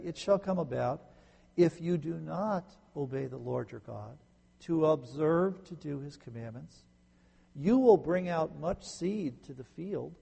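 A man preaching a sermon as a pastor, swinging from emphatic peaks down to quiet low phrases. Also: creaky, breathy edge. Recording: long reverb in a large hall.

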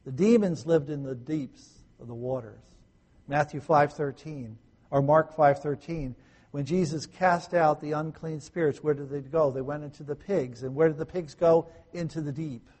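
A male pastor preaching a sermon, asking his listeners questions and swinging from loud emphasis to hushed, soft tones. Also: fairly high pitch, moderate pace. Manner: asks the listeners rhetorical questions.

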